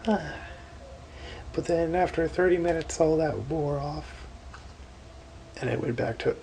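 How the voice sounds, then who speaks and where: A tired man half-whispering a late-night vlog, recounting a painful hospital night in a drowsy way with sudden lively bursts. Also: on the high side, unhurried, slight background noise, rough recording. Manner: hushed, drowsy storytelling that swings from whispers to animated outbursts. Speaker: vlogger.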